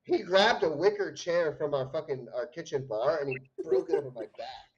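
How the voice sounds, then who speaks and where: A man's voice: fairly high pitch, animated, moderate pace, muffled recording, slight background noise. A young man on a livestream, telling a rambling, profane story in casual chat. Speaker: stream co-host.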